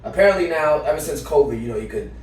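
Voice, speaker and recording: A man co-hosting a podcast, telling a story with lively, profane slang in casual chat. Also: a little high, fast, reverberant, far from the mic, slight background noise, low-quality recording. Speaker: podcast co-host.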